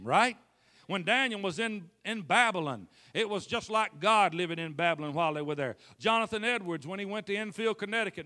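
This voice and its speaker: A man preaching a lively sermon, calling out to the congregation and acting out scripture scenes. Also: sits high. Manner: animated, calls for responses, acts out scenes.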